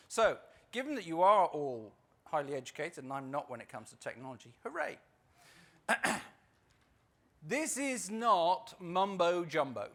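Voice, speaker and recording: A man with a slightly high voice presents to a room of conference attendees. He is wry and self-deprecating, and he stresses his points by repeating words. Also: a bit bright. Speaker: workshop facilitator. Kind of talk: presentation to a live audience.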